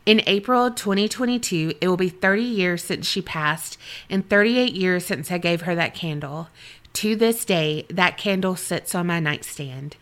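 A woman co-hosts a podcast, chatting candidly and reading listener stories aloud while swearing freely and laughing often. Her voice is lowish and her pace moderate.

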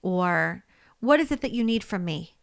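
A woman's voice: on the low side, lively intonation, normal speed, creaky, clear, resonant tone, no room sound, studio quality. A woman giving spoken advice on handling upset colleagues, conversational and easygoing, often checking in with "okay?" and "right?" and laughing lightly.

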